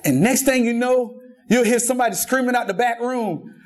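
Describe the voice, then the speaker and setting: A man's voice: very high voice, moderate pace. A man preaching a sermon in a church, telling jokes and stories with lots of repetition. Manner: lively storytelling with jokes and repetition. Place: church sanctuary.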